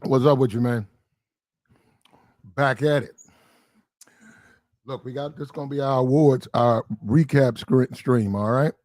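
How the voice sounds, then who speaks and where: A man's voice: mid-range voice, fairly even intonation, measured pace, pauses often, darkish tone, no echo, studio quality. A man hosting a live stream, chatting loosely and rambling, often repeating himself. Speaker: streamer and host. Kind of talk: casual live-stream commentary.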